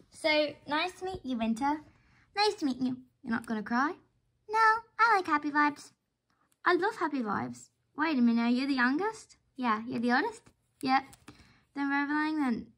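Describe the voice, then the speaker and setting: A woman's voice: sits high, fairly bright tone. A woman doing casual role-play dialogue, voicing every character herself and switching between voices in a chatty way.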